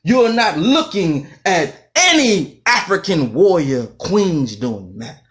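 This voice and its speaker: A man's voice: high voice, sing-song, takes it slowly, a bit bright. A man giving an impassioned lecture in a fiery, rhythmic way, repeating phrases for emphasis.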